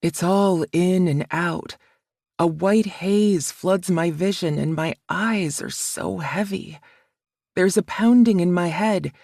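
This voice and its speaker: A woman narrating a romance audiobook in the first person, with a soft, measured, emotional reading. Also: lowish voice, no room sound, clean studio sound.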